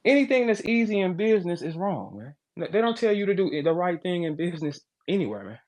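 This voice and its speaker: Male, slightly high voice, loud crude rant, profane and jokey. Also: sing-song, fast talker. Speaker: battle rapper on a live audio chat.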